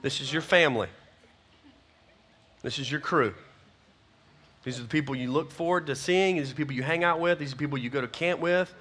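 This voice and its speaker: Youth pastor, man, forceful bright tone, slightly high voice, folksy and exhorting. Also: a little fast, pauses often, slightly rough. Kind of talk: closing talk to a youth group.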